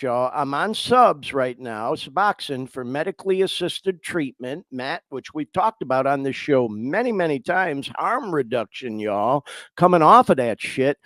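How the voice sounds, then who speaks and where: A man's voice: fairly high pitch, fairly bright tone, no echo. Male podcast host, raised voice, choking up, dry close sound. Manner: choked up, swearing, addresses listeners as y'all. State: fighting back tears. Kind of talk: emotional live podcast talk.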